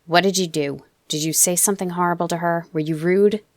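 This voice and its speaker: A woman's voice: sits low, moderate pace, gravelly, dry recording. A woman voicing a stern, irritated middle-aged father who scolds his son. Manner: loud, scolding.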